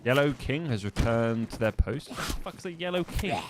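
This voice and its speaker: A man's voice: mid-range voice, expressive, normal speed, noisy background. A young man from the English Midlands with a neutral English accent, chatting casually and swearing while streaming a game. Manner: sweary, joking banter with chat. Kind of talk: casual live-stream chat while gaming.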